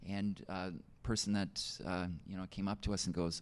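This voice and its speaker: A man with a very low voice tells a personal story of faith in an easygoing, conversational way. He is middle-aged and stops and restarts often, leaning on fillers as he talks it through. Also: level tone, normal speed, clean tone. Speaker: teacher. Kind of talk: personal testimony in an interview.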